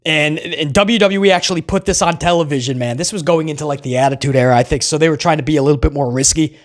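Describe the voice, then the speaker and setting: Guy with a pretty high voice doing a chill wrestling recap, chatty, keeps saying man. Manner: loose and chatty, often says "man", chuckles. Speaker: wrestling show host. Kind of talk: casual solo recap commentary.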